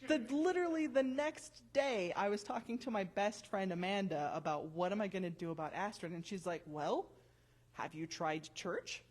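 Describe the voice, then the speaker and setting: A woman in her forties giving a personal testimony at church, telling her story in a chatty, animated way. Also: medium pitch, fairly quick, few pauses.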